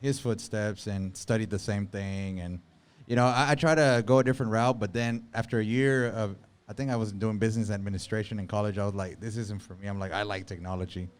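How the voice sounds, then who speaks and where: A young adult man chatting casually as a podcast guest, relaxed, often repeating his words as he thinks aloud. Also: lowish voice, brisk, smooth.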